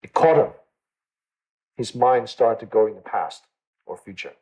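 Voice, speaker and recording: In a low-quality recording, a man with a mellow, slightly rough, medium-pitched voice delivers a dharma talk to his meditation class. He's animated yet unhurried, speaking conversationally, checking in with students often and repeating phrases to stress them.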